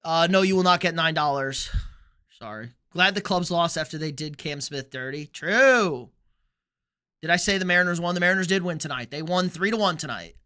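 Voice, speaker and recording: With a bright, high, smooth voice and a Texan accent, a man from Texas runs a sports livestream, casually chatting as he reads comments. He's blunt and opinionated, cracks jokes and tosses in quick asides.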